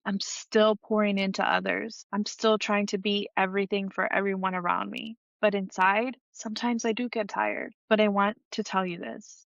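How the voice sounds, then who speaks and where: A woman's voice: medium pitch, vocal fry, a bit bright, dry recording. A woman hosting a faith-based podcast, speaking earnestly and vulnerably about her struggles, close to tears at times. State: emotional, near tears. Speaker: podcast host. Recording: dull, dry lo-fi audio.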